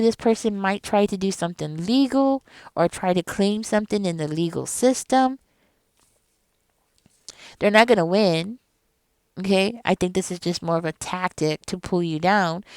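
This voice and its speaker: A middle-aged woman giving a casual tarot reading to camera, emphatic and animated, speaking straight to the viewer. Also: on the low side, smooth, no room sound. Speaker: tarot reader.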